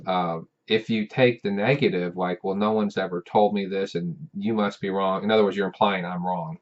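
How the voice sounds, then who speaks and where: A man with a very low voice talks straight to his students in a loose, rambling way, often restarting and repeating words. The recording is dull and lo-fi. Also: fairly even intonation, normal speed. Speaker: professor. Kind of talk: casual talking-head advice.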